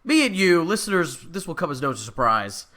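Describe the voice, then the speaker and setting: Bright, animated podcast co-host man. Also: on the high side, brisk. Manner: animated, jokey, opinionated. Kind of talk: casual podcast chat.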